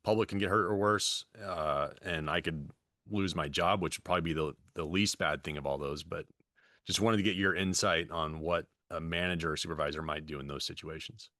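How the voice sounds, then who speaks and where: Deep-voiced man hosting a webinar. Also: fairly even intonation, sharp tone, dry recording, clean studio sound. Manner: measured, friendly, thinking aloud with fillers. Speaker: webinar host, former fire chief. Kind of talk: webinar moderating.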